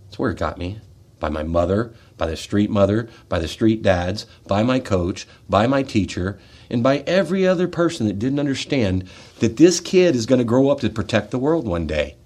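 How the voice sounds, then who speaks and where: An American man, a military veteran, delivering a fervent, confrontational monologue in a radio studio, swinging from loud outbursts to quiet, heavy asides. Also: fairly low pitch.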